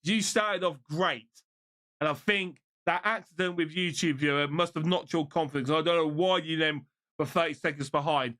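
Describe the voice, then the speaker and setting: A man commentating online races on his live stream, shouting during close finishes and then chatting loosely to his viewers while out of breath. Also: on the high side, moderate pace. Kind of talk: live race commentary and casual chat.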